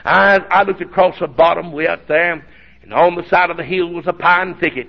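A man's voice: on the high side, fairly even intonation, normal speed, creaky. A middle-aged man with a sore throat, preaching a folksy storytelling sermon that swells into hollering. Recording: dull lo-fi recording.

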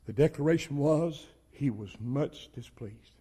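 An older man preaching a sermon as pastor, swinging between loud exhortation and quiet asides. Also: medium pitch, measured pace, breathy edge.

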